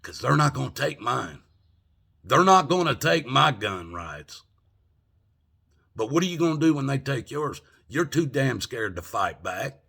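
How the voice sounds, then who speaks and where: A man's voice: mid-range voice, very animated, measured pace, gravelly, sharp tone, husky. An older man ranting angrily from home, profane and indignant, firing off rhetorical questions. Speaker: vlogger. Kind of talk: angry political rant.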